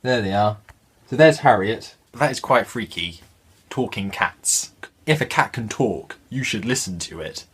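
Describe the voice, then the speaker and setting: A chatty man reads a children's storybook aloud and keeps stopping for wry jokes. His voice is husky, and his pitch jumps around with lively energy. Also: measured pace. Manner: chatty, wry, full of joking asides. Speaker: channel host reading a children's book. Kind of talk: jokey storybook reading with asides.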